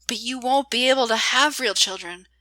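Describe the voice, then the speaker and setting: A woman's voice: a little high, normal speed, pushed and bright, no echo, pitched above the performer's own voice. A woman voicing a lonely, guarded young woman who talks in a curt, bitter way.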